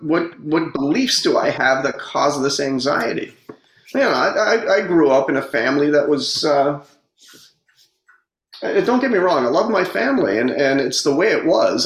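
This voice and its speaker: A man telling personal stories in a reflective, casual way, often repeating and restarting words. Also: fairly high pitch. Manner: halting, repeats words, earnest storytelling. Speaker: speaker on personal growth. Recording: roomy echo.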